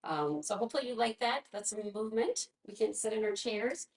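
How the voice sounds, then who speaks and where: A woman leading a casual live online movement class, chatty and gentle, laughing often, her voice a little froggy from vocal fatigue. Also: a little high, animated, brisk.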